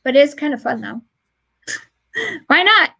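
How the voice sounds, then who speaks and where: Chatty, laughing woman host, higher voice. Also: very animated, a little slow, gravelly, sharp tone, poor audio. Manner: chatty storyteller, laughs often. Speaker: podcast host. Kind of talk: casual chat. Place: home, remote stream.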